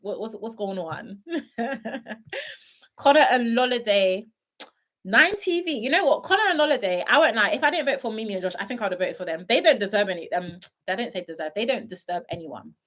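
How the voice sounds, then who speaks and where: A woman's voice: mid-range voice, lively intonation, fast, fairly bright tone. Chatty woman reading live chat. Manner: chatty, playful, laughs often, trails off with ums. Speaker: reality show commentator. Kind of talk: casual live-stream chat reading viewer comments.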